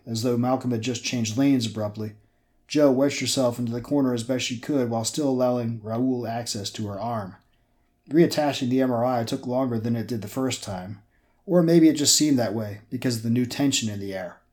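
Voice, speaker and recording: A man's voice: mid-range voice, a little mellow. Chatty podcast guy reading his own book, laid back, kinda self-deprecating. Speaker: podcast host and author. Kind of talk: casual intro, then reading own novel.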